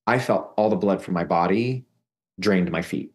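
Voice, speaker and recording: Man haltingly recounting a frightening memory. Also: deep voice. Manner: halting, repeating phrases, stumbling restarts. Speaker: podcast guest. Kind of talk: emotional personal storytelling.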